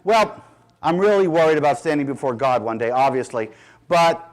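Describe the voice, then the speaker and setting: Man, middle-aged, high-pitched, emphatic speech, sarcastic edge. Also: lively intonation, normal speed. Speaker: speaker. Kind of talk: public speech.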